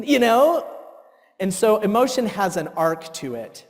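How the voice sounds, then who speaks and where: A man in his thirties giving a workshop talk, telling stories with animated acted-out outbursts. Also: high-pitched, moderate pace. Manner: animated storytelling, acts out his own outbursts. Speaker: workshop presenter. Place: church hall. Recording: long reverb in a hall.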